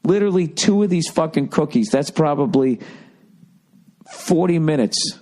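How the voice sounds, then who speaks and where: A man's voice: on the high side, normal speed. A middle-aged man hosting a podcast, telling a rambling, profanity-heavy story and mimicking people as he goes. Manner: animated, swearing, mimics people. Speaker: comedian podcast host.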